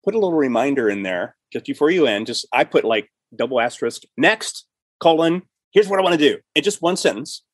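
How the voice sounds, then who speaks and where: A middle-aged male podcast host and writer in casual chat, animated and often restarting and repeating himself. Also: mid-range voice, brisk, breathy edge, no echo.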